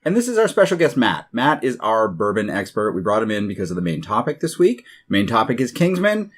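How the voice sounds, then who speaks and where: A man's voice: lowish voice, wildly swooping pitch, a little fast, husky. A man hosting a casual podcast with his co-hosts in the same room, giving wry, dry reactions. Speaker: podcast host.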